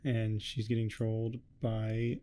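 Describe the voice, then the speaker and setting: A man giving a rambling, heavily swearing casual recap of a webcomic, tossing off quick quotes of the characters. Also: on the low side, completely flat delivery, mellow. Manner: swears a lot, rambling and offhand. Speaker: host. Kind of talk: casual comic recap commentary.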